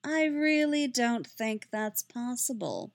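A woman's voice: medium pitch, big pitch swings, measured pace, no echo, pitched above the performer's own voice. A woman voicing a prissy young male clerk. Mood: snidely apologetic. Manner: prissy, coldly condescending. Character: icily polite, snide young male hotel clerk. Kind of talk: fan fiction reading.

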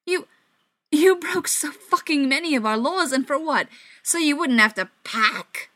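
A hot-tempered young male vampire of a storybook , voiced by a woman reader. His speech comes sharp, clipped and raised in pitch. The recording is dry and close. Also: animated, a little slow, no room sound, exaggerated voice. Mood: outraged. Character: young male vampire, tense and quick to anger.

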